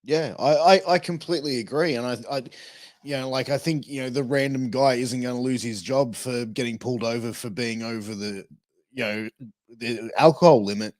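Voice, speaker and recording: A man's voice: mid-range voice, steady tone, moderate pace, darkish tone, dry recording. An Australian man hosting a podcast interview, laid-back and jokey, with lots of fillers. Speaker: podcast host. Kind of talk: casual interview chat.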